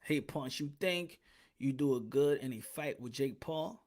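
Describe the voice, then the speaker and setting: A man's voice: medium pitch, unhurried, a little mellow. A man hosting a boxing podcast in casual chat, rambling, joking and swearing freely.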